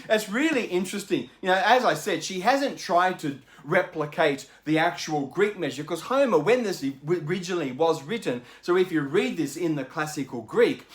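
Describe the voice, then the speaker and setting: A man's voice: high-pitched, animated, normal speed, hardly any pauses. A man hosting a book channel, explaining in a chatty, enthusiastic way with lots of asides. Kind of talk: casual explanatory book talk.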